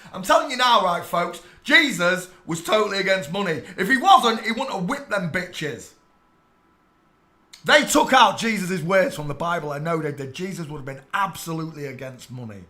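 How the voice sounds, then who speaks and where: An English man ranting on a live stream, preachy and irate, swearing and bursting into shouts at his chat. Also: sits high, lively intonation, normal speed, roomy sound.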